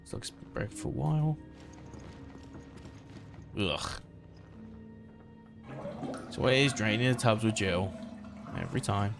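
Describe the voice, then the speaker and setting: Gravelly man muttering over gameplay. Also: on the low side, animated, slow pace, long pauses. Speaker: gameplay streamer. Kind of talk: casual let's-play commentary. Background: game music.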